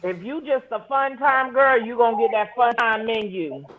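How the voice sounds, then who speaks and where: A woman's voice: on the high side, lively intonation, normal speed, phone-quality sound. A woman in casual chat, blunt and sassy. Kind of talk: casual chat among friends.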